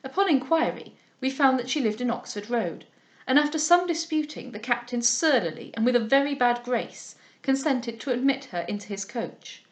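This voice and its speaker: A woman reading a classic novel aloud, arch and playful in her asides. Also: high-pitched. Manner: arch and playful when chatting.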